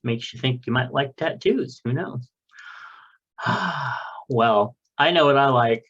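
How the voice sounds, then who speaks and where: A man's voice: medium pitch, slow pace, a bit bright, muffled recording. A man co-hosting a casual podcast, reading listener mail aloud in a loose, joking way with the odd swear. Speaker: podcast co-host.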